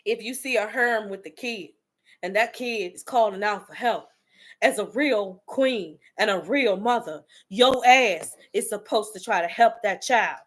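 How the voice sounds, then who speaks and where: A woman's voice: medium pitch, measured pace, a bit bright. A woman giving a fiery motivational monologue, blunt and profane, calling out her listeners directly and preaching tough love. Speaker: motivational speaker.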